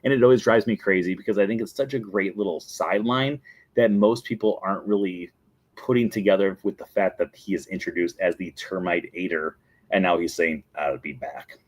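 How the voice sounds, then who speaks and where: A man with a fairly low voice hosts his own talk show in a casual, chatty way. He is eager and enthusiastic as he retells scenes and quotes characters along the way. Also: brisk. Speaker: show host.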